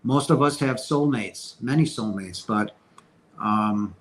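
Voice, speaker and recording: A man's voice: fairly low pitch, slow, poor audio. Earnest man answering viewer questions. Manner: earnest, emphatic spiritual talk with many restarts. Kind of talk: casual Q&A livestream.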